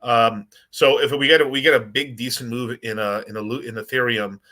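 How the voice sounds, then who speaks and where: Man, crypto stream host, bright tone, casual, rambling, chatty. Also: mid-range voice, moderate pace. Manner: rambling, excitable, chats with viewers. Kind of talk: casual livestream commentary.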